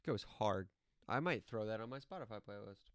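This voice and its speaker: A man rambles through a casual story, swearing and laughing along the way. His pitch swings widely and the sound is dry and close, with no room echo. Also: brisk. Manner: rambling, laughing, profane, animated.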